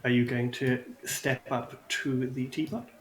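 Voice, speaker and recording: A man's voice: mid-range voice, steady tone, a little slow. A man narrating a tabletop game as game master, descriptive, with frequent ums. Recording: echoey room.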